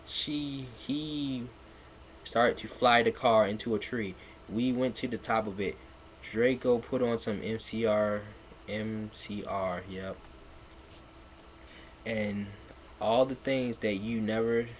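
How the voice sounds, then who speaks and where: A man's voice: medium pitch, a bit bright, slight background noise. A man giving a mocking live read-aloud of a piece of fan fiction, laughing, swearing and stumbling over its misspellings. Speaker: livestreamer.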